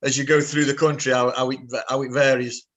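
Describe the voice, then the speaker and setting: A man's voice: mid-range voice, little pitch movement, fairly quick, fairly bright tone. A British man, an author being interviewed, talking modestly with many hesitations. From Britain. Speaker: author guest. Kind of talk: casual interview chat.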